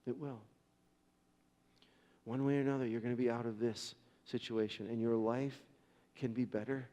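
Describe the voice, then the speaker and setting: A man's voice: medium pitch, fairly even intonation, moderate pace, mellow. Earnest male pastor in a reverberant hall. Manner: storytelling, earnest, with many restarts. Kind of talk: sermon.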